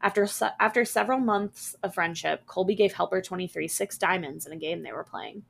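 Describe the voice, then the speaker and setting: A woman podcast host reading a scary story aloud, expressive, with small character voices. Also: fairly low pitch, a little fast, vocal fry.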